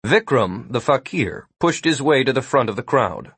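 A man's voice: medium pitch, animated, moderate pace, a bit bright, husky, no echo. A man narrating an audiobook in a wry storytelling manner, read on a close, dry mic.

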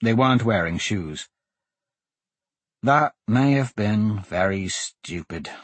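A man narrating a story as an audiobook reader, expressive and voicing each character. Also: lowish voice, slow pace, husky, dry recording. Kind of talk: scripted narration.

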